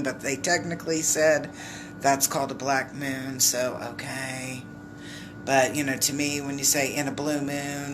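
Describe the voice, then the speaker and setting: A woman's voice: low-pitched, background noise. A middle-aged woman, an intuitive card reader, chatting casually and rambling through a live card reading while greeting viewers.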